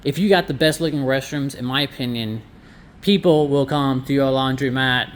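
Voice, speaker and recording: Inside his laundromat, the man who owns it talks casually through a walkthrough vlog, dropping sarcastic asides. His voice is medium-pitched at a normal speed.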